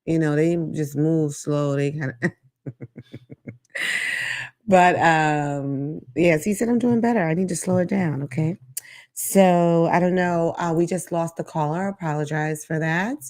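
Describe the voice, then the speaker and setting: A woman's voice: fairly low pitch, a little slow, pauses often, darkish tone. A woman hosting a call-in talk show, talking frankly and sassily, laughing at her own jokes. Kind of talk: live call-in show monologue.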